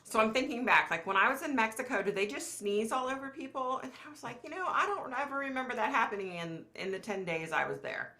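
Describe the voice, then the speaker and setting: A woman's voice: a little high, expressive, fast talker, few pauses, sharp tone. Chatty woman with a cold. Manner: chatty, exasperated, swears casually, addresses viewers directly. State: has a cold. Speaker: live show host. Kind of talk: casual live-stream storytelling.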